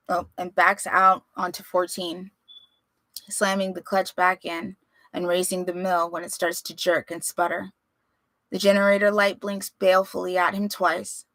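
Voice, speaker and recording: Woman story narrator, expressive, bright tone, dry recording. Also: lowish voice, no room sound. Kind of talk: audiobook-style story reading.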